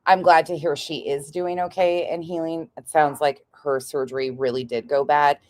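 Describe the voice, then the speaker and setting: A woman's voice: sits low, fairly even intonation, normal speed, darkish tone. A woman co-hosting a livestream, talking bluntly and sarcastically to the chat. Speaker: livestream co-host. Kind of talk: casual livestream commentary.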